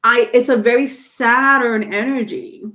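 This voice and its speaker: A woman doing a live tarot reading, talking casually, halting and repeating words, with some swearing. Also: fairly high pitch, fairly even intonation, a bit bright. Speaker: tarot reader.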